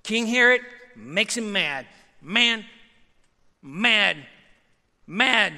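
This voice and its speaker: Male pastor, high bright voice, animated sermon delivery, reverberant sanctuary sound. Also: takes it slowly, long pauses. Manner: animated, swings from loud to hushed, repeats phrases. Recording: long hall reverb.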